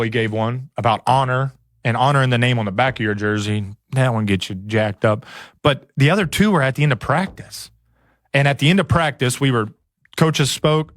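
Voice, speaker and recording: Relaxed man telling a locker-room story. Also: medium pitch, no echo, clean studio sound. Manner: relaxed, animated storyteller with many "like" and "you know". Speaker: podcast guest, former football player. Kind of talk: casual storytelling in conversation.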